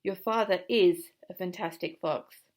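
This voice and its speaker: A woman's voice: on the low side, a little slow, darkish tone. A woman reading a storybook aloud and voicing a loving, tearful mother fox in a raised, pleading voice. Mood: proud.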